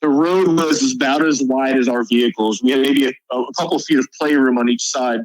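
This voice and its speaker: A man's voice: medium pitch, steady tone, fairly quick, no echo, low-quality recording. A male soldier guest on a podcast, telling a combat story in a casual, profane way.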